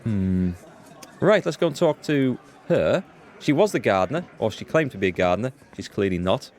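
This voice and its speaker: Lively low-voiced man narrating gameplay. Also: moderate pace. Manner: chatty, thinks aloud, chuckles at the text. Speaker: let's play host. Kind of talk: casual gameplay commentary reading game dialogue aloud.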